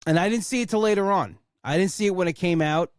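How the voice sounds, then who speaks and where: Man, podcast host, casual rambling chat, enthusiastic, slightly high voice, dry close sound. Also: fast, smooth, dry recording. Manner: enthusiastic, rambling, swears for emphasis.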